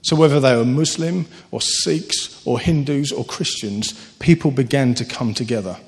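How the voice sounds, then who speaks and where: A man preaching a sermon, earnest and animated, telling stories with sudden lifts in his voice. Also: medium pitch, moderate pace. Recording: long hall reverb.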